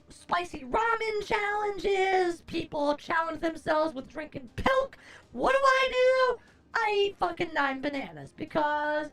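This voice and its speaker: Very high-voiced, foul-mouthed woman streamer. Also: gravelly, a bit bright. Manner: profane, theatrical mock-furious ranting. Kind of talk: casual livestream chat. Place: at a desk at home.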